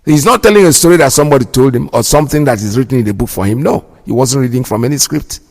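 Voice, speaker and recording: Talking fast at a medium pitch, a male radio host delivers indignant, sermon-like commentary, going back over his points for emphasis. A long hall reverb hangs on the recording.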